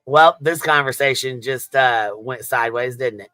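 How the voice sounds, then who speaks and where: A man's voice: medium pitch, normal speed, bright, forceful tone, smooth, no room sound. A man hosting a casual livestream panel, laid-back and swearing freely. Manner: laid-back and heavily profane.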